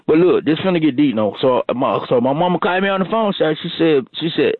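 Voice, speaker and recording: A man's voice: fairly high pitch, animated, fast, dry recording. A man, telling a rambling, mock-dramatic comic story on a radio show and repeating himself. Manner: drawling, repetitive, mock-dramatic. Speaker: comedic caller bit. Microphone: phone. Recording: tinny phone line.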